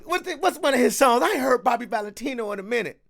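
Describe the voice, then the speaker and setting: Brash male reactor, high and gravelly, wildly animated. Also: fast. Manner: loud, joking, breaks into laughter and sing-song. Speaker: commentator reacting to a clip. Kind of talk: animated casual commentary.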